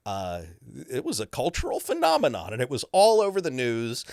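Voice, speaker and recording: A man, a voice actor, talking as an interview guest in a lively storytelling way, often slipping into character voices. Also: mid-range voice, moderate pace, no echo, studio quality.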